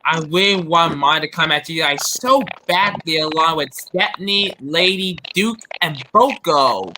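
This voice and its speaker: A man's voice: on the high side, measured pace, noisy background. A man chatting eagerly as a guest on a friends' live stream. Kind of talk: casual chat.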